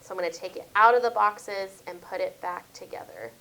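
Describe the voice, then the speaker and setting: A woman teaches spelling to a small group in a classroom. She stretches words out slowly and thinks aloud as she works, with encouraging praise. There is a faint hiss and some clicking behind her voice. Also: mid-range voice, vocal fry, sharp tone, low-quality recording. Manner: slow, drawn-out modeling of words and sounds.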